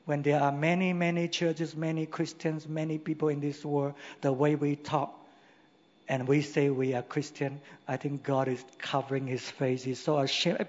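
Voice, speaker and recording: A man's voice: fairly high pitch, flat delivery, normal speed, a little mellow. A man preaching a sermon in a church, emphatic and full of rhetorical questions. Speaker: pastor. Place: church hall. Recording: long hall reverb, dull lo-fi sound.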